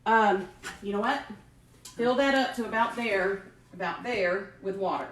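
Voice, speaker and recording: Woman, home cook hosting a live stream, mid-pitched and chatty, echoey kitchen. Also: unhurried. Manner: chatty, greets viewers by name, laughs often. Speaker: host cooking on a live stream. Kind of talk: casual live cooking chat. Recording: echoey kitchen with faint noise.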